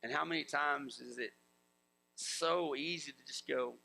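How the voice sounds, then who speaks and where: A man preaches in a relaxed, conversational way and keeps acting out the voices of biblical figures. His voice sits a little high and bright, with a gravelly edge. A low mains hum runs under the recording. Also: a little slow, poor audio. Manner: conversational, acts out biblical voices, chuckles often. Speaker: pastor. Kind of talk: sermon.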